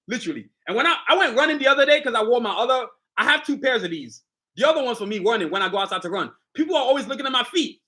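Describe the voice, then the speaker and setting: A middle-aged man hosts a casual live stream, showing off his sneakers and hyping them to viewers. His voice sits high and sounds bright. He talks with swagger and loose street slang. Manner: hyped, boastful street slang, addresses viewers directly. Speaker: sneaker designer and channel host.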